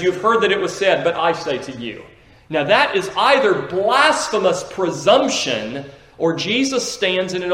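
A pastor reading scripture and preaching an emphatic sermon, occasionally correcting himself. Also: male voice, sits high, fairly bright tone, roomy sound, rough recording. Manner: emphatic preaching with slips and restarts.

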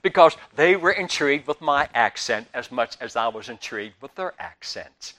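An older man with a Southern US accent preaching a sermon, telling stories with big swings between loud and soft. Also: medium pitch, moderate pace. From Southern United States. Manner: animated storytelling with big swings in loudness.

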